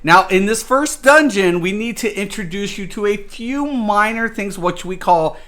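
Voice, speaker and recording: A man putting on a mock-polite theme-park ride announcer, speaking slowly as if welcoming riders. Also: sits high, lively intonation, a bit bright.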